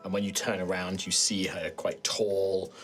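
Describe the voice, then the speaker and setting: A man with a British accent, narrating a tabletop game as dungeon master in a relaxed, rambling way. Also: low voice, moderate pace. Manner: relaxed, rambling description with many fillers.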